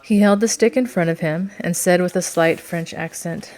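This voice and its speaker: A woman narrates a novel in a measured, steady way. Her voice sits on the lower side. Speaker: audiobook reader.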